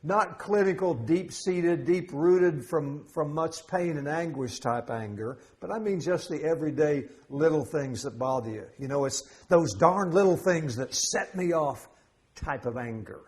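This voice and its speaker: A middle-aged man preaches as a pastor in a church sanctuary, with a fairly high, darkish-toned voice that is animated yet measured in pace. His sermon is conversational and humorous, full of jokes and asides.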